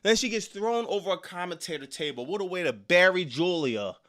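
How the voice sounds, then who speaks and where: Hosting a live wrestling reaction stream, a man reads chat aloud a little fast. He veers from loud excitement to low, frustrated mumbling, talking in casual slang and often finishing with "dog" or "bro".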